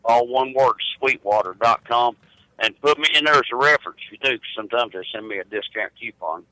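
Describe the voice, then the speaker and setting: Calling in to chat casually, this middle-aged U.S. truck driver drawls and keeps repeating words as he gets started. His voice is mid-range, brisk and sharp-toned, captured in a low-quality recording without echo.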